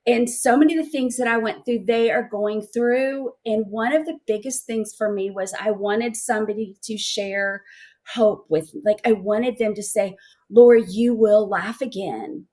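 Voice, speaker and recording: A middle-aged woman with a slightly high voice speaks as a guest in an interview, sharing a heartfelt personal testimony. She talks emotionally and haltingly, often repeating words as she searches for what to say next. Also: a little mellow.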